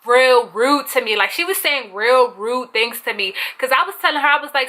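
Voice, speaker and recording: A young woman vlogger telling an animated storytime, swearing freely and acting out quotes with a raised voice. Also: high-pitched, moderate pace, few pauses. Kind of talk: casual storytime.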